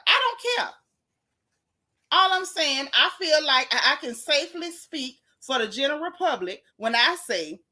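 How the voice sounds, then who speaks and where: An exasperated woman rants on a livestream, hammering her points home with repetition. She speaks, with a bright, slightly high voice. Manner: exasperated, emphatic, dramatic repetition. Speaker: podcast host. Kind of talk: casual livestream rant.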